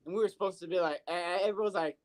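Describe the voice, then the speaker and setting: A podcast co-host in casual chat, telling stories in an animated, profane way full of fillers. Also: medium pitch, very fast.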